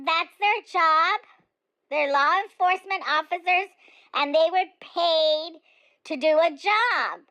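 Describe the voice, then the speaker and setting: Someone playing an opinionated older woman, high-pitched, rambling with fillers. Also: bright, forceful tone, heavily acted, poor audio. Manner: chatty, digressive, many fillers. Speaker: comedic character monologue.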